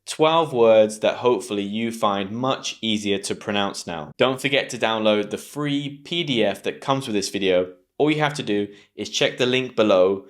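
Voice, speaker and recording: A man with a British accent giving an online English pronunciation lesson, patient and clear, slowing down to drill each sound. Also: fairly low pitch.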